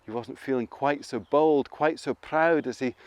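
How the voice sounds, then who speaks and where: A man telling a folk tale to children, animated and playful, asking his listeners questions. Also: medium pitch, moderate pace, no echo. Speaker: storyteller. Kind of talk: interactive children's storytelling.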